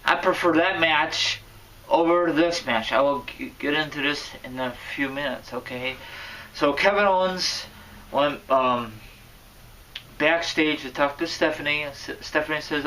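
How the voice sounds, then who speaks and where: A man giving casual wrestling vlog commentary, rambling and correcting himself, with sudden loud bursts. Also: medium pitch, fairly even intonation, normal speed, distant mic, low-quality recording. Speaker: wrestling vlogger.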